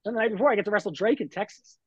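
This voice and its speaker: A man's voice: sits high, very fast, husky, dry recording, lo-fi sound. A man, a wrestler guest on a podcast, telling stories in a laid-back way with lots of fillers. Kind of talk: casual podcast chat.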